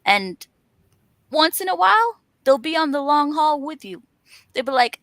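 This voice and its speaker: High-voiced woman giving earnest encouragement. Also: very animated, unhurried, a bit bright, no echo. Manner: earnest, encouraging, emphatic lists. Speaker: author and panel host. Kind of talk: motivational casual chat.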